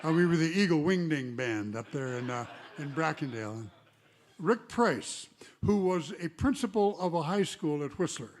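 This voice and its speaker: A singer-songwriter chatting and rambling between songs at a live concert, telling stories with trailing asides. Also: male voice, a little high, animated, normal speed. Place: live arts venue stage. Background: guitar.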